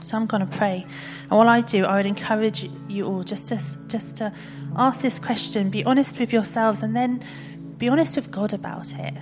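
A woman gently leading a congregation in prayer and response. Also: a little high, steady tone, normal speed, music in the background. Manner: gentle, inviting. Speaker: worship leader.

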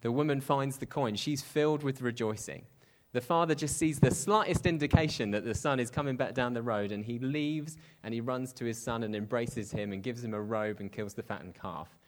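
A man's voice: mid-range voice, a little fast. A man preaching a sermon in a conversational way, with self-deprecating asides and quoted voices acted out at shifting pace.

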